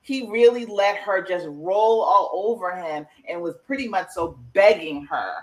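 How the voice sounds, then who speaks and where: A woman's voice: mid-range voice, measured pace, rough recording. A woman co-hosting a casual recap chat over a video call with a glitchy connection, talking hesitantly with restarts. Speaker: podcast co-host.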